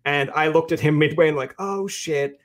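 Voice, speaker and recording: A man's voice: a little high, quick pace. A man hosting a podcast, chatting casually and acting out quoted remarks as he tells stories. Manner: animated storyteller, acts out quotes. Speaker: podcast host. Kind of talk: casual interview chat.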